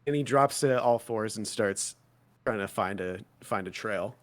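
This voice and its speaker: A man's voice: on the low side, measured pace. A man playing a tabletop role-playing game, chatting casually with dry, sarcastic banter.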